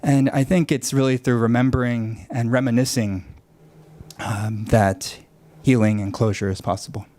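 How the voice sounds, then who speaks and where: A man speaking as a panelist, reflective and halting, with many fillers as he gathers his thoughts. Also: medium pitch, steady tone, mellow. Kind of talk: panel discussion remarks.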